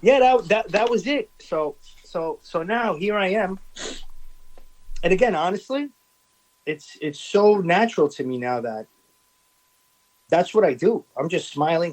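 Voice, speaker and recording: A middle-aged food business owner talking in a casual interview, his voice sitting a little high for a man. He is emphatic and drives his points home by repeating phrases. He restarts his sentences often. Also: expressive, unhurried, pauses often, poor audio.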